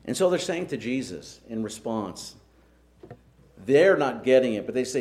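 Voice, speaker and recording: A man's voice: mid-range voice, animated, moderate pace, darkish tone. Earnest, emphatic male preacher. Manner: earnest, emphatic, with rhetorical questions. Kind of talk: sermon.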